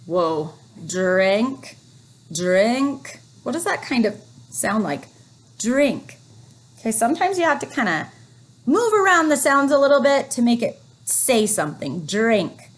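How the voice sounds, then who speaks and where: A woman teacher leading a phonics lesson for young children, reading words slowly and encouragingly. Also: high voice, very animated. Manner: slow, encouraging, drawn-out reading.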